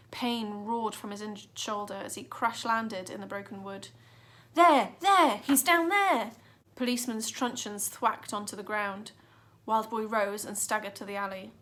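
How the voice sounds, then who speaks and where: A woman's voice: medium pitch, a bit bright. A woman reading a children's adventure book aloud with dramatic expression. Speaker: narrator. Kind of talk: storybook reading.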